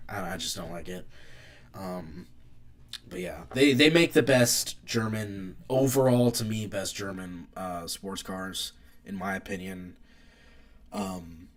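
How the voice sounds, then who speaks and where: A young man, hosting a casual live stream, opinionated and rambling as he reads chat aloud. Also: on the low side. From United States.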